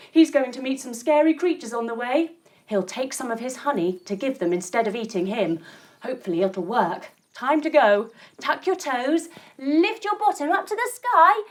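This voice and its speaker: Playful, expressive woman storyteller. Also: high-pitched, moderate pace. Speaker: kids' yoga teacher. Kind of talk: storytelling yoga lesson for children.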